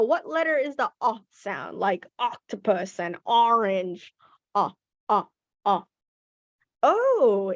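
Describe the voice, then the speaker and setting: A woman's voice: on the high side, dry recording, dull audio. A woman teaching young children English phonics, patiently sounding out letters and words. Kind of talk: phonics lesson to young learners.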